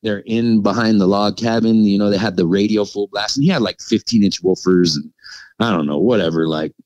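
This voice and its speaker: A middle-aged man casually recounting a story as a podcast guest, animated and full of fillers, with frequent little laughs. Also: lowish voice, fairly quick, no echo, dull audio.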